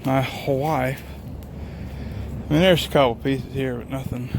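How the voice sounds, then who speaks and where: A man's voice: mid-range voice, fairly even intonation, measured pace, background noise. A man who drives trucks, rambling casually and swearing a lot as he walks along a lakeside and films on his phone. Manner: rambling, swears constantly, wandering thoughts. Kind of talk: casual walking vlog. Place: outdoors at a lakeside rest area. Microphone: handheld phone.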